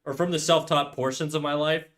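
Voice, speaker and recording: A man's voice: fairly high pitch, steady tone, a little fast, fairly bright tone. Laid-back man chatting on stream. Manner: rambling, candid, says "dude" a lot. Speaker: streamer and artist. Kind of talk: casual livestream chat.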